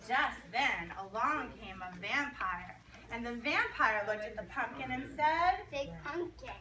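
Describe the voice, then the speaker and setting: Slow, high-voiced woman reading a picture book. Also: animated, a crowd in the background. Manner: rhythmic, singsong repetition. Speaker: storyteller reading to children. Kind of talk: picture-book read-aloud. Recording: echoey room, distant mic, background noise.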